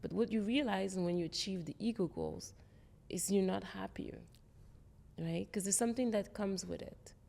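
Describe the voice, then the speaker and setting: A woman's voice: mid-range voice, normal speed, creaky, dark tone, long reverb tail. A woman being interviewed about her career, talking in an earnest, reflective way. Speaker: guest, tech executive. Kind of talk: interview conversation.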